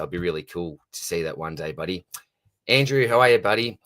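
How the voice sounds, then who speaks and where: A man's voice: low-pitched, expressive, fairly quick, fairly bright tone. A young Australian man hosting a live Q&A stream, reading viewer comments aloud and answering them in a friendly, casual way. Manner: friendly, reads out comments and answers them, calls people mate and buddy. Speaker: livestream host.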